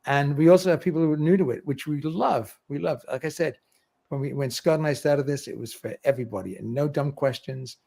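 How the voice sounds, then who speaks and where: A man's voice: a little high, fairly quick, vocal fry, a little mellow. A middle-aged man hosting a livestream, chatting casually, reading viewer comments aloud and laughing often. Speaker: livestream host.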